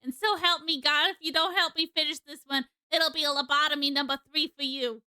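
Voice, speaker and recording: A woman voicing a foul-mouthed, bossy adult woman coworker with a loud, brash, threatening delivery, reading a visual novel aloud. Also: high-pitched, fairly even intonation, a little fast, dry recording. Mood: brash scolding. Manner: loud, profane, bossy tirades with a faintly East Coast lilt.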